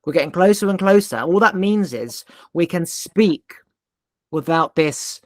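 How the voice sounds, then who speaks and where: A man's voice: fairly high pitch, expressive, a little slow, no room sound, studio quality. A man hosting a podcast, telling a personal story in an intense, emphatic way and swearing now and then. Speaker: podcast host. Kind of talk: casual conversation.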